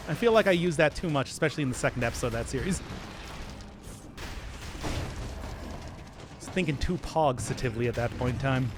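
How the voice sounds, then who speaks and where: A man's voice: fairly high pitch, noisy background. A young man streaming a game, chatting and rambling as he plays, often laughing. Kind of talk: live gameplay commentary.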